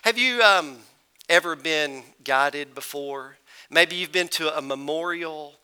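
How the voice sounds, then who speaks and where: Bright, high-voiced preacher. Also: male voice, slow, smooth. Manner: folksy, addresses congregation as folks and y'all. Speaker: pastor. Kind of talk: storytelling sermon. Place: church.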